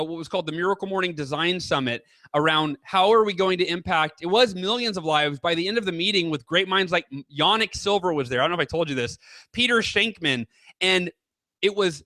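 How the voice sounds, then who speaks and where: Bright, high-voiced animated male storyteller. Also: dry recording. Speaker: author and guest. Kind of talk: casual interview chat.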